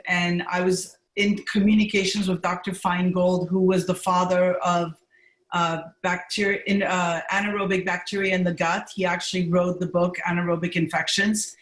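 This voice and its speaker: A woman physician, a guest on a podcast, chatting casually and telling stories with animated bursts of enthusiasm over a video call. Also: fairly low pitch, normal speed. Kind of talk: casual interview chat. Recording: echoey room.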